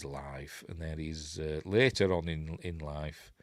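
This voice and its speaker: A man's voice: extremely low pitch, steady tone, slow, dry recording, clean studio sound. An older man from Yorkshire with a Yorkshire accent, hosting a casual news livestream and reading notes, rambling into side remarks and correcting himself. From Yorkshire, England. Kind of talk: casual live-stream commentary.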